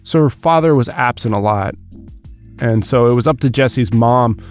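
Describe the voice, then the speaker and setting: A man hosting and narrating a podcast in a calm, explanatory tone, summing up his guest's story. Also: medium pitch, normal speed, soft background music. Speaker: host and narrator.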